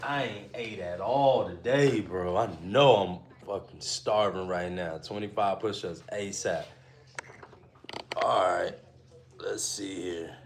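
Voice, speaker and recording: A man's voice: sits low, slow pace, a little hiss or hum. A young man on a live stream, reading viewer messages aloud and answering them in slangy, laid-back banter. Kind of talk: casual live-stream chat.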